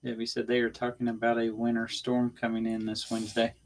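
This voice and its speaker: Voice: medium pitch, completely flat delivery, fairly quick. A speaker joining a crafting livestream casually, reading viewer comments aloud and cracking dry jokes. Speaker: co-host reading chat comments. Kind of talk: casual chat.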